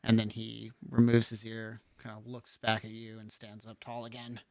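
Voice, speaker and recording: A man narrating a tabletop game as game master in a relaxed, loose way, with many fillers and restarts. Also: fairly low pitch, moderate pace.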